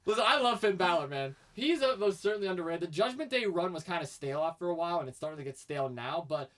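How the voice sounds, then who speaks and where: Fast-talking opinionated man. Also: high-pitched, lively intonation, a bit bright. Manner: opinionated, laughs often, rambling. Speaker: podcast co-host. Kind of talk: casual chat.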